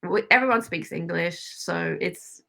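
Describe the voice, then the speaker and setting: Bright, gravelly Australian woman chatting. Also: fairly low pitch, a little slow. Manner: chatty, laughs often between phrases. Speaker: guest, club photographer. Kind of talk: casual interview chat.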